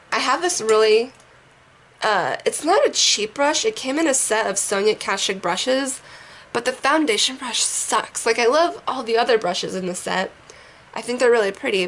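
Hoarse young woman chatting about makeup. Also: a little high, a bit bright. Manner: rambling, chatty, casual swearing. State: hoarse from a sinus infection. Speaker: beauty vlogger. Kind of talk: casual makeup tutorial chat. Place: bedroom at home.

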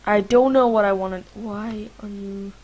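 Warm and husky, this young woman's medium-pitched voice holds a steady tone at normal speed, though the audio is poor. She's a gaming vlogger from Lithuania doing casual let's-play commentary on a life-sim game, rambling, using plenty of fillers, and speaking to her characters.

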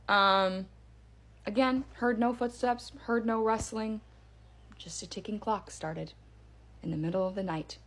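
A woman tells a spooky story in a casual, hushed way. She leans on drawn-out pauses for suspense. Her voice sits at an average pitch. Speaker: storyteller in a social video clip.

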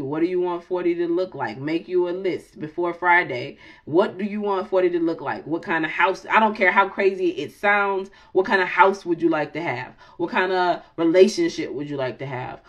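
This tarot channel host is a woman in her late thirties whose fairly low voice comes through in lo-fi audio. Her talk is loose and casual; she cusses, cracks jokes and laughs often, weaving prayer in among the banter.

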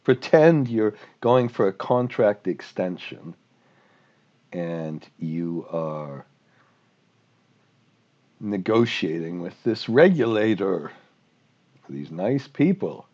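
Brief: casual male lecturer, somewhat low voice, muffled homemade audio. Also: sing-song, slow pace, pauses often, darkish tone. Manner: rambling, self-deprecating. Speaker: finance instructor. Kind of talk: informal recorded lecture.

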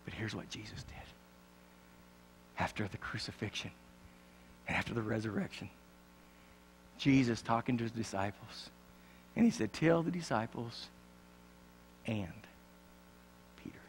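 A man preaching a sermon in a church, swinging dramatically from loud passages to hushed ones. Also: on the low side, moderate pace, long pauses, a little hiss or hum. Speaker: pastor. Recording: long church reverb.

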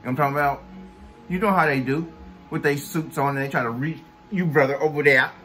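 A man's voice: a little high, quick pace, a bit bright, faint music behind. Scornful man ranting bluntly. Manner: blunt, scornful, heavy cursing. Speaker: vlogger. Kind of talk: profane rant to camera.

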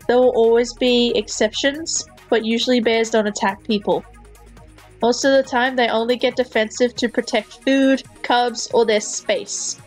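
A woman voicing a calm, fatherly adult male park ranger in a fan comic read-aloud, speaking steadily and reassuringly. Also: fairly high pitch, a little slow, faint music behind, rough recording. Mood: explaining. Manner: steady, reassuring, mildly scolding.

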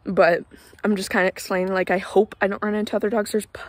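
Young woman, out of breath, casual vlog, mid pitch, dry close sound, outdoors, fillers. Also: little pitch movement, fast talker, no room sound. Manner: chatty, lots of fillers, indignant about neighbors. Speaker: vlogger. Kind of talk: casual rambling vlog, walking. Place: outdoors in a neighborhood.

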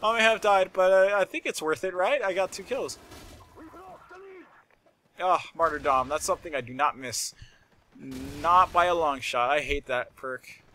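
Male gameplay commentator, raised pitch, very forceful bright tone, excitable and rambling, quick to shout and curse. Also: slight background noise. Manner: excitable, shouts and laughs at in-game moments; rambling and chatty with frequent swearing. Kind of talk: live game commentary. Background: game gunfire and explosions.

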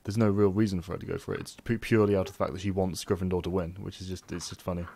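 A man with a very low voice talks quickly in a casual book chat, circling back on himself with restarts and fillers. His voice sounds dry and close, with no room around it. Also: level tone, vocal fry, a little mellow, husky, dry recording. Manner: rambling, many restarts and fillers. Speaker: podcast co-host.

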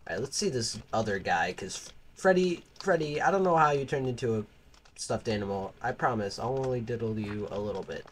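A man's voice: medium pitch, lively intonation, brisk, a little hiss or hum. A man giving casual, crude, rambling gameplay commentary, joking with the game characters. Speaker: gaming channel host.

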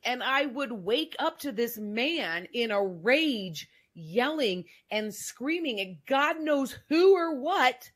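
A woman's voice: on the high side, very animated, slow, few pauses, a bit bright. A woman guest on a podcast, telling her personal story in a candid, emphatic, casual way, with frequent "like" fillers.

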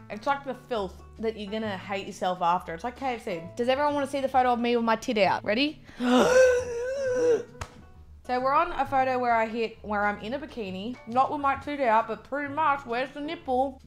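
A woman's voice: fairly high pitch, a little fast, faint music behind. A young Australian woman chatting casually while eating on camera, filling her talk with "like" and working herself up into a heated rant. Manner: chatty, peppered with "like", gets heated and ranty. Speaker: mukbang vlogger.

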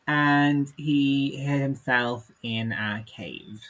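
A man's voice: mid-range voice, fairly even intonation, drawn-out words, fairly bright tone, soft background music, rough recording. A man co-hosting a podcast, reading a comic text aloud and dropping dry, wry asides. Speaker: podcast co-host.

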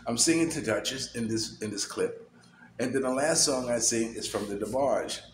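A middle-aged man tells a personal story in a loose, rambling way, restarting phrases and leaning on fillers. His voice sits at an ordinary pitch in an echoey room with a faint hiss. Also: normal speed. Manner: rambling, repeats words, many fillers. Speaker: vlogger. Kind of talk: casual personal vlog.

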